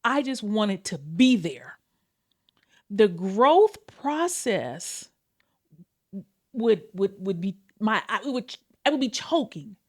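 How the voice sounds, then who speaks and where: On her own podcast, a woman talks to listeners in a loose, confessional way, calling them y'all and cursing freely. Her delivery is slow and sing-song, with pitch and pace wandering widely.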